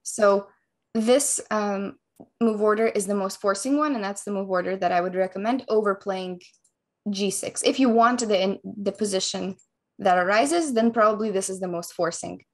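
Woman calmly explaining chess moves. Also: mid-range voice, moderate pace. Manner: calm, methodical explanation of moves. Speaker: chess coach.

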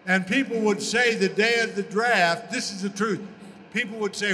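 Older man spinning an animated story. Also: high-pitched, moderate pace, long reverb tail, a little hiss or hum. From United States. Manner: animated storyteller, acts out quoted voices. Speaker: interview guest, former pro football player. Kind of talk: storytelling in a casual interview.

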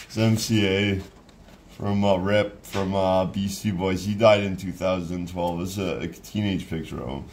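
A man's voice: sits low, fairly even intonation, normal speed, darkish tone, slight background noise. A man in his thirties rambling casually about his sketchbook drawings, with many fillers and restarts. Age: 30s. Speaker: artist showing his sketchbook.

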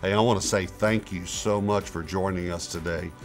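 A man's voice: sits low, fairly even intonation, soft background music. Emphatic male pastor in a reverberant hall. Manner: emphatic, slows down to stress key words. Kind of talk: sermon. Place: church sanctuary.

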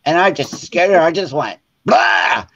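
A somewhat high-voiced man tells funny stories in an animated way, acting out the voices of the people in them. His voice comes through a dull, lo-fi recording. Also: a little fast. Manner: animated, acts out quoted voices. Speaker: guest. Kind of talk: casual storytelling. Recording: dull lo-fi sound.

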